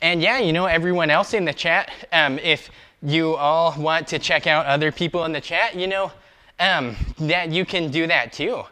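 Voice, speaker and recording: A young man chats through his skateboarding livestream with a bright, tense voice pitched a little high. He rambles, full of fillers, upbeat and a bit out of breath. The sound is dry and close. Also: moderate pace, no echo. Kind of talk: casual livestream chat while skateboarding. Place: outdoors skating.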